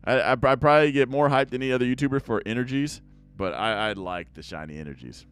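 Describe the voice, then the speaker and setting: A young man chatting casually to viewers as he opens card packs, rambling along and now and then breaking into excited outbursts. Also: mid-range voice, fast, clear, resonant tone. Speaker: card-opening YouTuber. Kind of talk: casual pack-opening chat to viewers.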